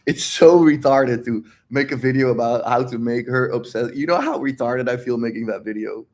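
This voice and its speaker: A man in casual livestream talk as a dating coach, blunt and animated, repeating phrases and swearing freely. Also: mid-range voice. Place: home livestream.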